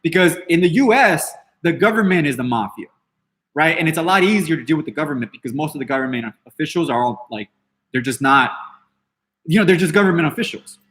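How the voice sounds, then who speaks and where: In a brisk, expressive voice that's fairly high and a bit bright, a man rants on his podcast without a script. Defiant and dismissive, he swears liberally, rambles and restarts his thoughts many times.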